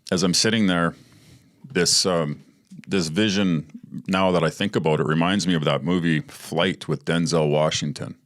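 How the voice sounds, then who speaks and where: A man's voice: low voice, no echo, clean studio sound. A man hosting a podcast, telling a candid personal story in a rambling, profane way with plenty of fillers. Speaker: podcast host. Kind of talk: storytelling monologue.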